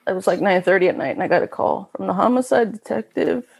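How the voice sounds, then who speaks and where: A middle-aged woman telling a painful personal story as a guest, candid and emotional, often halting. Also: medium pitch, animated, gravelly, slightly rough.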